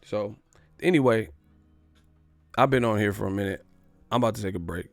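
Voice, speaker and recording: A man's voice: lowish voice, moderate pace, no echo, faint music behind. A brash, slangy man hosting a live boxing commentary stream.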